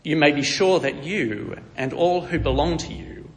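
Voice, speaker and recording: A man's voice: a little high, a little slow, in a large hall. A man voicing God, giving a firm, matter-of-fact warning. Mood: stern. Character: stern divine voice of God, male.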